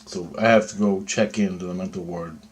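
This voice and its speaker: A man's voice: sits low, steady tone, brisk. A man telling a story in a rambling, agitated spoken monologue, swearing often and checking in with "right?". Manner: profane, agitated, conversational with repeated "right?". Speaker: vlogger recounting a dream.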